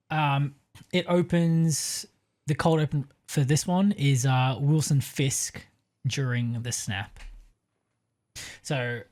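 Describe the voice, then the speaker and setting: A man co-hosting a casual podcast, pitching a story with many hesitant fillers and easy laughs. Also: a little mellow.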